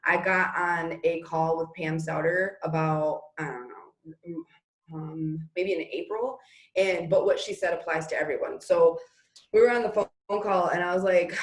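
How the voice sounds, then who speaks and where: A woman's voice: lowish voice, moderate pace, a bit bright. A woman talking business motivation as a guest, rambling and restarting her sentences as she speaks straight to the listeners. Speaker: network marketing leader guest. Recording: roomy echo.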